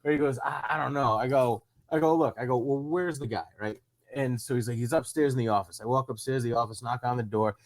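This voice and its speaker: A comedian from Rhode Island telling a long story in casual chat, acting out both sides of the conversation. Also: male voice, mid-range voice, brisk. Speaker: comedian guest.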